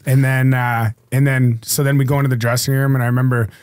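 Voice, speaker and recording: A man's voice: mid-range voice, flat delivery, fast talker, darkish tone, dry recording. A man in his thirties, a hockey player guest, telling stories in casual chat and acting out the lines of the people in them. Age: 30s. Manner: laid-back, acts out quoted lines in his stories. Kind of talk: casual storytelling.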